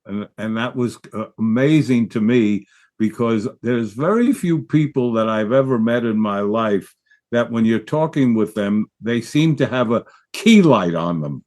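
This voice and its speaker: A man's voice: medium pitch, lively intonation, unhurried, darkish tone. Reflective male podcast host. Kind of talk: casual chat.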